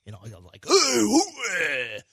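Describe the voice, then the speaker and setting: A man's voice: huge pitch swings, normal speed, creaky, husky, dry recording, exaggerated voice. A man impersonating a reserved aging male movie star musing about his roles. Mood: reflective. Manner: low, soft, reflective musing.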